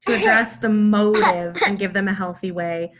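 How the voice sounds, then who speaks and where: A woman's voice: medium pitch, fairly even intonation, moderate pace, heavy background noise. A woman giving a casual live-streamed parenting lesson from home, explaining ideas through everyday examples in a conversational way. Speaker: parenting educator. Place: at home with her young children nearby.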